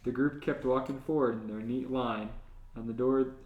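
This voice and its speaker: A man's voice: mid-range voice, steady tone, normal speed, narrow, tinny audio. A man co-hosting a comedy podcast, reading fanfiction aloud. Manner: reads aloud, often laughing. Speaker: podcast co-host. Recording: roomy echo.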